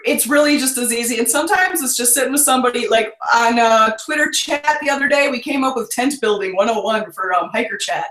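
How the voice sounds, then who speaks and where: A woman's voice: on the high side, fairly quick, few pauses, a bit bright. A woman guest in a casual interview, chatty and bubbly, laughing easily, on a video call. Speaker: guest business owner. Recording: roomy echo.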